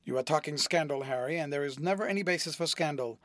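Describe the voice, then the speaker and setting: A man voicing an anxious, brooding young gentleman in an audiobook reading, speaking in an earnest, hesitant way. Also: a little high, fast talker, dry recording, clean studio sound, close to an everyday voice. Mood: troubled.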